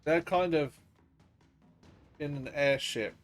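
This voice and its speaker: A man's voice: a little high, slow. A man narrating as dungeon master in a casual, laughing way that drops in swear words. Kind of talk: narrating a tabletop game. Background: faint ambient game music.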